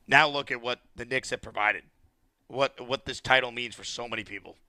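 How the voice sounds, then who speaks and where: A man hosting a late-night sports call-in radio show, talking in an excited, emphatic way. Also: medium pitch, a little fast, no echo. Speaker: radio sports talk host. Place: radio studio.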